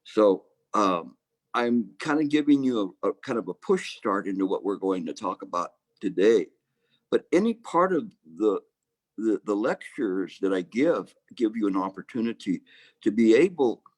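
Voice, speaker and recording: A man giving a Chan meditation dharma talk, halting with restarts and fillers, with gentle humor. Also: mid-range voice, no room sound. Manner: hesitant, many restarts and fillers.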